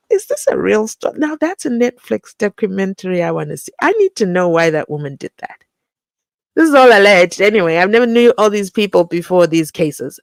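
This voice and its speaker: A young South African woman hosting a live entertainment commentary stream, expressive and chatty, with sudden exclamations as she reads through viewer comments. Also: medium pitch, vocal fry, no echo.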